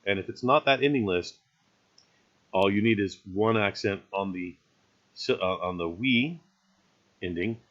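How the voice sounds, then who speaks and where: A man's voice: on the low side, unhurried, long pauses, a bit bright, dull audio. A man teaching a recorded grammar lesson in an easygoing, explanatory way, often checking in with "right?".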